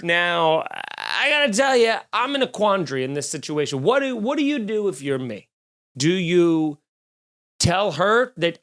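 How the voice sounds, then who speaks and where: A man hosts his solo comedy podcast, telling a rambling story. His voice sits a little high for a man, and he swears freely and mocks himself as he goes. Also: moderate pace. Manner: profane, animated, self-deprecating storytelling.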